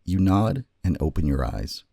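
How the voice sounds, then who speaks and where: A man co-hosting a podcast, narrating a choose-your-own-adventure story in a slow, dramatic way. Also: sits low, sing-song, vocal fry, warm tone, no echo, clean studio sound.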